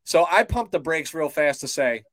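Cautious man talking sports, slightly high. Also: lively intonation, a bit bright, no echo. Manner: measured, cautious, filler-heavy. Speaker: podcast co-host. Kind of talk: casual sports chat.

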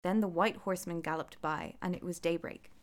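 A woman reading a folk tale aloud, with relaxed, chatty asides. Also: lowish voice, a little fast. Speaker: storyteller.

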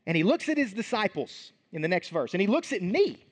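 A man's voice: high-pitched, sing-song, fairly quick. A male pastor giving a sermon in a conversational way, acting out Bible scenes as he tells them.

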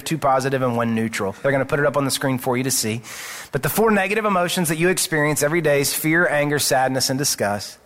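A man preaching in a church, his voice sitting somewhat high for a man. He talks to the congregation in an earnest, conversational way rather than orating, and often restarts a phrase before pushing on. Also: fairly bright tone. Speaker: pastor. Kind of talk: sermon. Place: church sanctuary.

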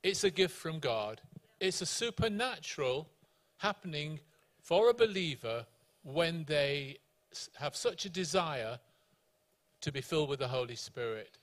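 A South African man speaking as a guest pastor, voice a little higher than most men. He explains scripture steadily and methodically, like a teacher in conversation. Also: very animated, unhurried.

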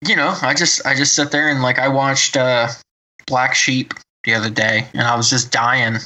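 A man's voice: medium pitch, steady tone, normal speed, pushed and bright, poor audio. A man co-hosting a podcast in casual chat, rambling and circling back as he talks. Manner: rambling, full of fillers and restarts. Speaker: podcast co-host.

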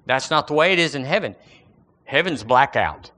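A man preaching a sermon in a folksy, animated way, full of everyday analogies. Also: mid-range voice, normal speed.

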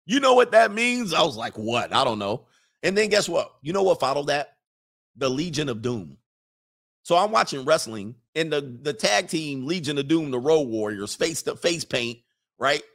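A man's voice: fairly high pitch, expressive, normal speed, creaky, fairly bright tone. A middle-aged man, a streamer and coach, chatting loosely and laughing as he reads viewer comments. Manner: loose, laughing, slangy storytelling. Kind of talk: casual livestream chat reading comments.

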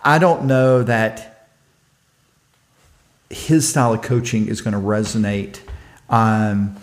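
A man's voice: lowish voice, slow. A man co-hosting a podcast, chatting casually about college football with lots of restarts and laughs. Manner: animated, restarts, laughs often. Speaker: podcast co-host. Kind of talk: casual sports chat.

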